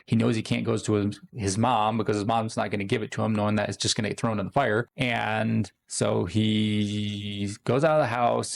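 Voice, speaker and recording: Gravelly man giving a motivational talk. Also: on the low side. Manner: earnest storytelling. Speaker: podcast host. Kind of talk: motivational monologue.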